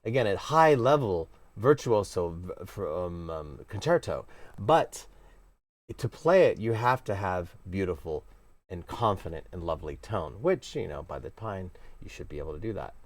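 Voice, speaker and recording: A man teaching a casual cello lesson, talking in an animated, playfully emphatic way with sudden exclamations. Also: low-pitched, moderate pace, no echo. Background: cello playing.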